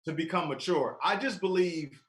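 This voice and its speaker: A man co-hosting a casual sports podcast, speaking in a laid-back, calm and measured way. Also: fairly high pitch. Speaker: podcast co-host. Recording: roomy echo.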